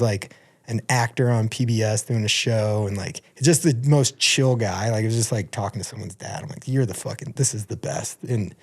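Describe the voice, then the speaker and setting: Animated man telling a profane story. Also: mid-range voice. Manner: animated, profane, acts out quotes in a raised voice. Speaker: podcast guest. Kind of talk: casual storytelling.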